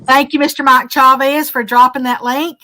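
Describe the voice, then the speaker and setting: A woman, a bit hoarse, hosting a casual livestream and chatting along with many fillers as she thanks viewers. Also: high-pitched, flat delivery, moderate pace, pushed and bright, a little hiss or hum. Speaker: livestream host.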